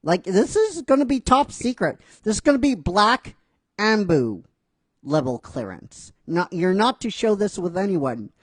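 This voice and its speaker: A man's voice: sits high, very animated, a little slow, no echo, clean studio sound, voice pushed up, exaggerated voice. A man voicing an older woman village leader who scolds with mock seriousness. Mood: bossy.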